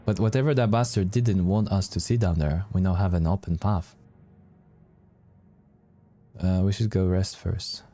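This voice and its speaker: A man's voice: sits low, steady tone, moderate pace, long pauses, mellow. A man voicing a tired, loyal male goblin companion in a fantasy game, plain and easygoing. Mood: reassuring.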